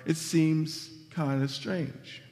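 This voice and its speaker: A man's voice: a little high, fairly even intonation, drawn-out words, a little mellow. Preaching man in a reverberant hall. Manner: preaching with rising emphasis and rhetorical questions. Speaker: pastor. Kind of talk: sermon. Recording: long reverb of a large hall.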